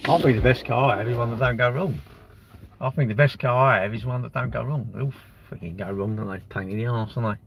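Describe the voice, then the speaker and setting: A man's voice: medium pitch, fast, creaky, slight background noise. A man, chatting on a live stream in a rambling, blunt way, with crude banter and answers to viewers' comments. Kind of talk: casual live-stream chat.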